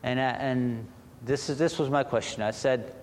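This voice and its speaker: A man preaching a sermon to a congregation, talking slowly and deliberately with halting restarts. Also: mid-range voice, darkish tone, a little hiss or hum. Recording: long hall reverb.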